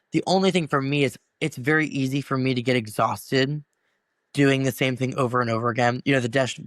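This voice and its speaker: A man's voice: medium pitch, no room sound. A young man in his twenties, a first-year middle school band teacher, telling stories in a casual interview and acting out the voices he quotes. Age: 20s. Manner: animated storyteller who acts out quoted voices.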